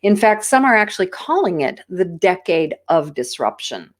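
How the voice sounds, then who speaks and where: A woman's voice: fairly low pitch, big pitch swings, normal speed. American woman giving a business talk. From United States. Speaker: keynote speaker. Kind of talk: business presentation.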